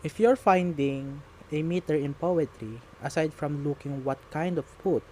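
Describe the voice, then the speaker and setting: Slow, patient man explaining step by step. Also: fairly high pitch, dark tone, slight background noise. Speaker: teacher. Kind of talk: slow classroom lecture.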